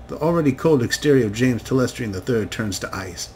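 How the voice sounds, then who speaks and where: A man reads a game's story text aloud in a steady, descriptive way, his voice at a middle pitch. A faint hiss runs underneath. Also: a little fast, hardly any pauses, rough recording. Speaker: let's play narrator. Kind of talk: reading game text aloud.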